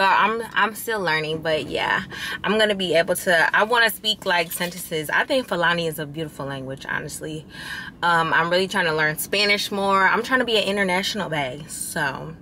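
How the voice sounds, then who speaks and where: A woman's voice: fairly low pitch, a little hiss or hum. Chatty young woman venting to her viewers. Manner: chatty, venting, expressive, addresses viewers as y'all. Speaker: lifestyle vlogger. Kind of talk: casual vlog talk to camera.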